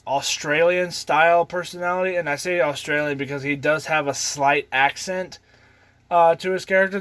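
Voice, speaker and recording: A man's voice: a little high, fairly bright tone, no room sound. A young man hosting his own channel, rambling casually with lots of ums and little chuckles. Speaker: channel host.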